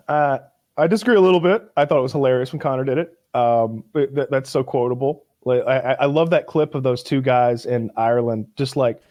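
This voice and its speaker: A man co-hosting a podcast in casual chat, stammering through restarts and doing squeaky impressions when quoting. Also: darkish tone, dry recording. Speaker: podcast co-host.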